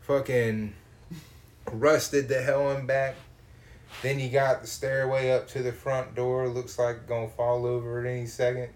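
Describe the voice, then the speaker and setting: A man spins a profane, comic story. He is animated and acts out the people he runs into. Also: medium pitch, a little slow. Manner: animated, swears a lot, acts out voices.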